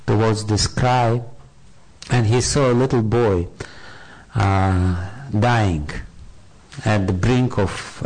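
A man recounts an old scripture story as a spiritual talk, pausing often and searching for the right words. His pace is slow and deliberate. His voice carries a gravelly, creaky texture. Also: medium pitch, darkish tone, poor audio.

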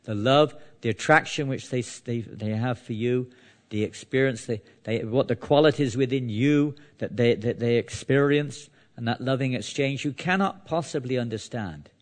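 A man voicing a devoted queen, soft and earnest. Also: medium pitch, moderate pace, natural voice. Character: tearful woman, a devoted queen, gently explaining.

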